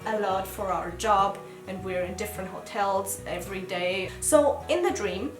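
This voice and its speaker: A young woman casually telling a story, animated and acting out the lines she quotes. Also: medium pitch, normal speed. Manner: animated, acts out quoted lines, laughs often. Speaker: co-host. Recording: echoey room with music.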